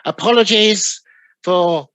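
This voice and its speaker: A man's voice: high-pitched, slow, fairly bright tone, no echo, rough recording. A man with a London accent chairing an online award ceremony, courteous and a little apologetic as he reads out names over a video call. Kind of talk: formal ceremony address.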